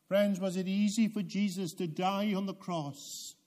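A man preaching a sermon, swinging from loud emphatic peaks down to low, quiet passages with dramatic pauses. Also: steady tone. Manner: slow, deliberate delivery with dramatic pauses.

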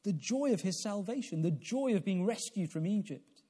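A man's voice: high voice, animated, moderate pace, warm tone, husky. A man preaching an evening sermon, asking rhetorical questions and building to emphatic peaks, often repeating a word as he restarts. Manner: repeats words when restarting.

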